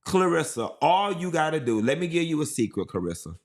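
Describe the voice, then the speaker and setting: Man, live stream host, sassy, animated, repetitive gossip commentary, slightly high voice. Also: fairly quick. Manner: sassy, animated, repeating for emphasis. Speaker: livestream host.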